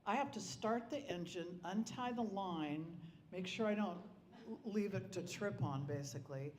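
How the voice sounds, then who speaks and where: A middle-aged man giving a eulogy as personal stories, full of restarts and lively quoted dialogue. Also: sits high, moderate pace. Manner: rambling anecdotes with frequent restarts. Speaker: eulogy speaker. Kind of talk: personal storytelling at a memorial. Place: club hall. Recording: echoey hall with faint ambience.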